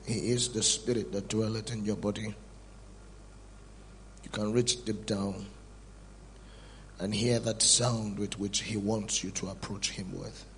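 Slow gravelly man in hushed prayer. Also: lowish voice, level tone, a little hiss or hum. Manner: slow, hushed, repetitive adoration. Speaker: psalmist leading worship. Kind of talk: soft spontaneous worship prayer.

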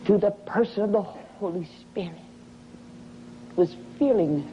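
A woman preaches with slow, drawn-out drama and sinks into hushed whispers to make her points. Her voice sounds mellow and dark. The recording is dull and lo-fi, with a faint hiss underneath. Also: medium pitch. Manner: slow dramatic delivery, dropping to whispers for effect. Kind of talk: sermon.

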